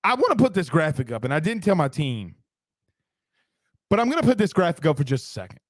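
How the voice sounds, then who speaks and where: A man hosts a casual sports talk show in a slightly high voice. He talks in a quick, emphatic rush, reading out viewer comments and teasing his co-host. The sound is dry and close. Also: very animated, no room sound.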